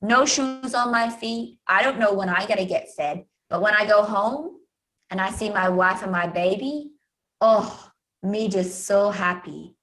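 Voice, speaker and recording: A woman's voice: medium pitch, measured pace, fairly bright tone, natural voice. A woman voicing a cheerful, blunt male trek porter in broken English. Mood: teasing.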